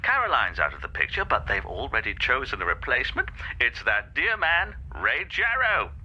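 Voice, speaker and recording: A man's voice: mid-range voice, huge pitch swings, normal speed, pushed and bright, husky, dull audio, full character voice. An actor playing a breezy, chummy, scatterbrained male agent.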